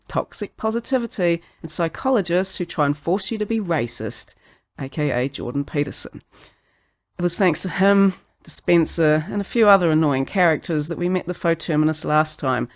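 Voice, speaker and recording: A podcast host with a New Zealand accent giving a scripted philosophy monologue, sardonic and sweary, laughing at their own jokes. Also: medium pitch.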